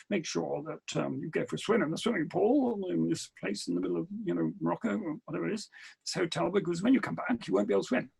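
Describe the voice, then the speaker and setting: A middle-aged man from England, a podcast guest telling adventure anecdotes in an animated way and acting out the dialogue. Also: on the high side. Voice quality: gravelly, husky. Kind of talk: storytelling interview.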